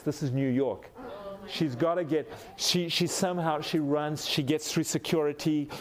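A man's voice: on the high side, steady tone, normal speed. A middle-aged man from Africa giving a sermon, telling a personal story with animation and acting out the quoted lines. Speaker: pastor.

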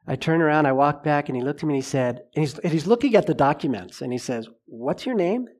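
A middle-aged man preaching a sermon, telling a personal story with lively acted-out dialogue. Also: fairly high pitch, fast talker. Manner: animated storyteller, acts out dialogue.

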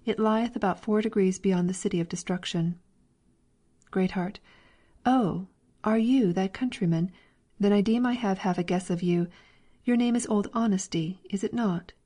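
A woman narrates a classic allegory in a calm, measured storybook reading. Her tone is mellow and warm, at a middle pitch. She keeps the characters' voices close to her own. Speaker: reader.

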